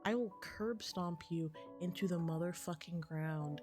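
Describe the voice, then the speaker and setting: A woman's voice: fairly low pitch, measured pace, hardly any pauses, a little mellow, faint music behind. A young woman streamer giving casual game commentary, with swearing, exasperated rants.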